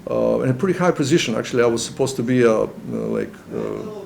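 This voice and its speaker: A middle-aged man from Serbia, giving a personal testimony in an interview. He talks in a halting, earnest way with many restarts. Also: mid-range voice, huge pitch swings, vocal fry, a little mellow.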